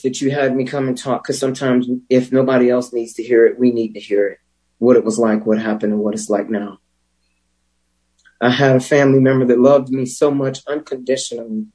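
A man telling his recovery story as a personal testimony, candid and wry, with emotional pauses. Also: mid-range voice, dark tone, slightly rough, poor audio. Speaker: speaker sharing a recovery story.

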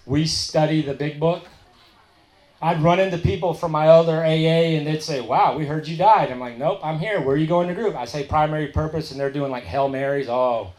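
A middle-aged man, sharing his recovery story at a meeting and telling it as a story, dropping his voice low and soft when he quotes others. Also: reverberant. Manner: storytelling, quoting others in a softer, lower voice.

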